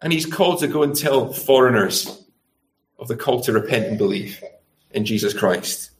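With slight background noise behind him, a middle-aged man delivers a sermon in a mid-range, expressive voice at normal speed. He asks the congregation rhetorical tag questions and dramatizes quotes by switching voices.

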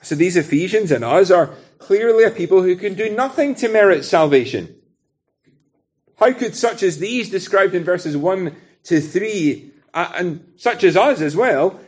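Earnest British preacher, higher voice. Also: male voice, lively intonation, measured pace. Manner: earnest, conversational preaching with illustrations. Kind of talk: sermon.

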